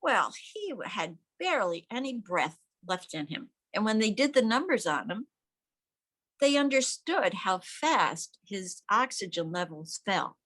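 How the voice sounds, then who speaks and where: A woman's voice: mid-range voice, a little slow. Emphatic older woman telling stories. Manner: emphatic, animated, acts out quoted voices. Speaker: interview guest, veteran's widow. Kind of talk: conversational storytelling. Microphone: remote audio call.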